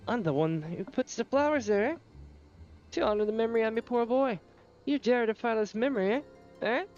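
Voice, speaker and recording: A man's voice: very high-pitched, animated, fairly quick, a little mellow, muffled recording, faint music behind, pitched above the performer's own voice. A man voicing a fierce, superstitious old mother grieving her son, in a theatrical rustic old-woman manner while reading game dialogue aloud. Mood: accusing.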